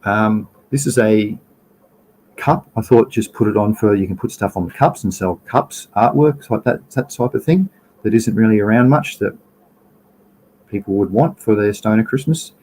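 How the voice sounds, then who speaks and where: A man's voice: on the low side, normal speed, a little mellow, slight background noise, low-quality recording. An Australian man hosting a casual livestream, rambling through slides, trailing off and restarting, greeting viewers in chat. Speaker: livestream host.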